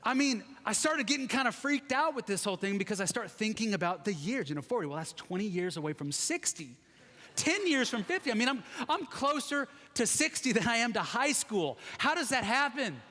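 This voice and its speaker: A high-pitched man in his forties preaches in a loose, conversational way, teasing himself and the congregation. His voice rings with the long reverb of a large church sanctuary. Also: very animated, brisk, sharp tone. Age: 40s. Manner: chatty, self-deprecating, joking with the congregation. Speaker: guest preacher. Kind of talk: conversational sermon.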